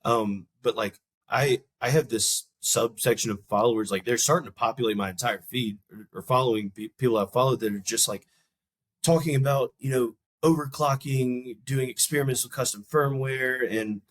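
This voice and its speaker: A man's voice: mid-range voice, moderate pace, no room sound. A young adult man, a podcast guest, telling a long personal story in a loose, rambling way and acting out the people in it with a raised voice. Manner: animated storyteller, acts out quoted people in a raised voice; loose, rambling talk with many restarts. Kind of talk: casual storytelling interview.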